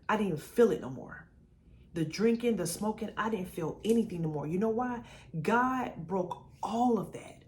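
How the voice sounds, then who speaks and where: A woman in her forties giving a lively, chatty talk about her faith to camera, calling the viewer baby and girl. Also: mid-range voice, slight background noise. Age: 40s. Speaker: vlogger sharing her testimony.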